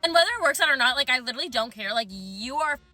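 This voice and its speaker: High, bright young woman telling a story. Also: lively intonation, rapid-fire, dry recording, soft background music. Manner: chatty, lots of "like", self-censoring swears. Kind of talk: casual storytelling to camera.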